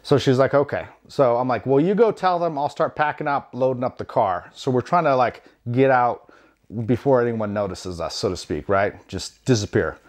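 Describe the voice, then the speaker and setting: A man from the United States, perhaps in his thirties, tells a story from home in a casual, meandering way. His delivery is wry and self-deprecating, full of ums and asides, at a middling pitch. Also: animated, moderate pace. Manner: rambling, wry, self-deprecating, many fillers.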